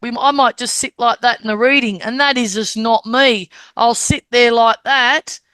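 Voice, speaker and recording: Woman medium teaching, smooth clear voice, kinda high, keeps asking okay?. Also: fairly even intonation, normal speed, pushed and bright, no room sound. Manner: checks in often with "Okay?"; acts out the spirits' words and gestures. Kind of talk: explanatory teaching talk.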